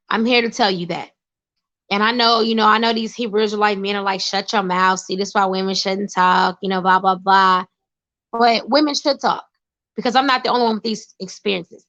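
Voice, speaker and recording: A woman talks straight to the camera, emphatic and preachy, hammering her points home by repeating them. Her voice sits at an ordinary middle pitch. The recording is dull and lo-fi, with the highs rolled off. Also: creaky, fairly bright tone. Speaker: vlogger sharing personal advice. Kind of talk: casual spoken monologue.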